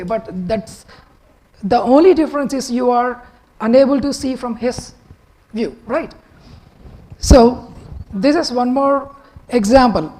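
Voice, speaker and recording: Man, husky voice, unhurried conversational public talk. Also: extremely high pitch, darkish tone, low-quality recording. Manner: unhurried, conversational, slightly halting. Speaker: TEDx speaker.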